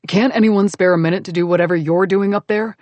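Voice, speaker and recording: A woman narrating an audiobook, voicing a grouchy, growly young man who is protective and gruff. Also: lowish voice, fairly even intonation, quick pace, darkish tone, no room sound, natural voice. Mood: scolding. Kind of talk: audiobook character voice.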